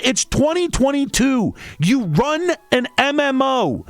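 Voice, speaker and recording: Exasperated man ranting, high and swooping. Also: big pitch swings, takes it slowly, few pauses, dry recording, faint music behind. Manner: exasperated, profane, sarcastic. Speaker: streamer and podcast host. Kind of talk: angry rant.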